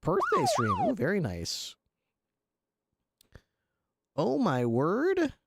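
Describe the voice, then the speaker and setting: A man's voice: very high-pitched, wildly swooping pitch, drawn-out words, creaky, husky, no echo, studio quality. A man livestreaming, chatting casually with his viewers, laughing often and swearing. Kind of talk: casual chat with stream viewers.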